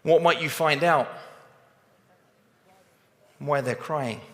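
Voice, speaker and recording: A man giving a motivational talk on a stage, animated and acting out both sides of conversations. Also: on the high side, slow pace, big-room sound. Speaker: sales trainer speaking on stage.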